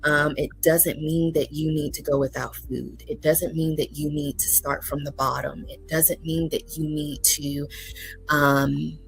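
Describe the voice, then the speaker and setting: A woman's voice: low voice, flat delivery, measured pace, vocal fry, low-quality recording. A woman therapist as a guest, speaking earnestly and encouragingly with frequent ums. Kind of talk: casual interview talk. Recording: faint music underneath.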